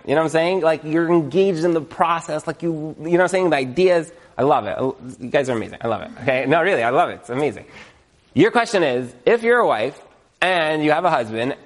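A man teaching about marriage in a casual, animated way, acting out little scenes and chuckling as he goes. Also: fairly high pitch. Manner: animated, acts out quotes, chuckles often. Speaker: marriage educator.

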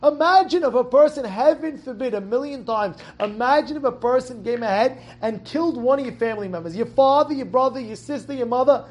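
High, animated man teaching Torah. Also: fairly quick, hardly any pauses. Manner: animated, rhetorical questions, repeats and restarts words. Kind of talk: informal Torah lesson.

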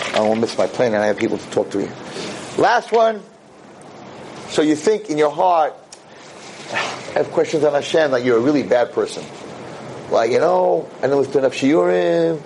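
A middle-aged man delivering an energetic Torah lecture, his voice pitched a little high and swinging wildly up and down as he acts out scenes. Faint room noise sits behind him. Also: poor audio. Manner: animated, acts out biblical figures with sudden pitch leaps. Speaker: rabbi lecturer. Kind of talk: lively Torah talk to a live audience.

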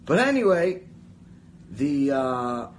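This Torah teacher's Mussar talk is full of stories he performs with animated character voices, plus chatty digressions. His mid-range voice moves slowly, and the poor audio carries a little background noise.

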